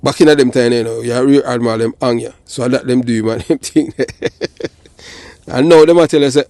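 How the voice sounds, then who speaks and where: A man's voice: medium pitch, steady tone, fairly quick, dark tone, no echo. A man with a Jamaican accent, hosting a casual commentary on history that mixes patois chat with reading passages aloud. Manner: slips into patois and often asks "you understand?".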